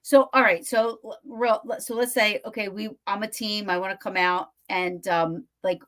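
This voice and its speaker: A woman's voice: mid-range voice, steady tone, moderate pace, a bit bright. A woman who hosts a casual live-stream chat, reacting eagerly with short exclamations. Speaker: host.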